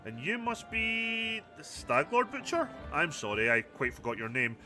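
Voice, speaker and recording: A man's voice: on the high side, sing-song, measured pace, pushed and bright, faint music behind, exaggerated voice. A man voicing a smug, arrogant male baron in a game, reading his lines with a haughty, offhand tone.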